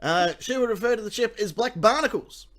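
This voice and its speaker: A man's voice: very high-pitched, fairly quick, fairly bright tone. A man with an Australian accent hosting a live show, joking crudely and laughing often. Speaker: host. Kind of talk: casual comedic live-stream banter.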